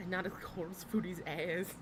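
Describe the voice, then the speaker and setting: A woman in her thirties, a reaction streamer, chats casually with her live viewers and laughs often as she greets them. Her voice is on the low side and unhurried, with background noise and an air conditioner humming in her home room.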